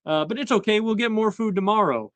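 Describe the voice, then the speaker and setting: A man voicing a meek, lowly male camp worker in a high, apologetic voice. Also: fast, a bit bright, no room sound.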